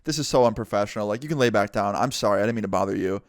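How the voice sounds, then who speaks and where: A man's voice: lowish voice, very fast, no room sound, clean studio sound, pitched below the performer's own voice, lightly acted. A man voicing a chatty, friendly young woman who works as a massage therapist, in a casual retelling.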